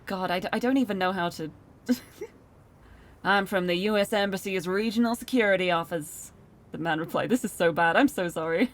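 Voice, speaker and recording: A young woman streamer reading a visual novel aloud, with animated, self-deprecating asides, over game music. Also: fairly high pitch. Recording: game music playing behind.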